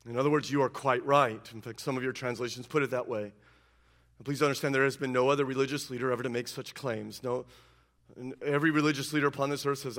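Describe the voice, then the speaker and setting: Bright-voiced emphatic male preacher. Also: a little fast. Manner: emphatic preaching that swings between loud declarations and low intense asides. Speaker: pastor. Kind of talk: sermon.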